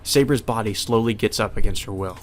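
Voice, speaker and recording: A man's voice: on the low side, a little fast, faint music behind. A man hosting a let's play, reading a visual novel's narration aloud and breaking in with casual swearing asides.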